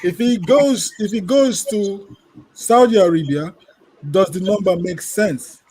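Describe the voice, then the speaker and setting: High, mellow-voiced man on a podcast. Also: a little slow, husky. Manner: relaxed, reads listener comments aloud and then gives opinions. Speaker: podcast co-host reading comments. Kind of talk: casual panel discussion.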